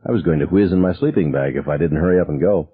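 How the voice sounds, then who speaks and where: A man reading a novel aloud as a first-person narrator, in a measured, somber storytelling manner. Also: deep voice, slightly rough, no room sound. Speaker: audiobook narrator. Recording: narrow phone-like sound.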